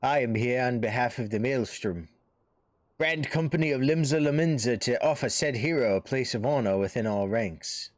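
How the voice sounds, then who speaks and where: A man voicing a flattering, courtly naval officer recruiting a hero in a game. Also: medium pitch, normal speed, no echo, pitched above the performer's own voice, natural voice.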